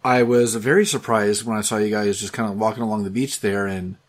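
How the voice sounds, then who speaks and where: A man in casual chat who talks in a lively way. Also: on the low side, a little fast.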